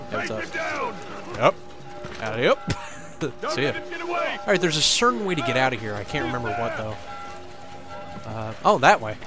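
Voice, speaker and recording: A young man doing casual let's-play commentary, joking and swearing a lot, with animated outbursts. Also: a little high. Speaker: gameplay commentator. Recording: faint game music behind.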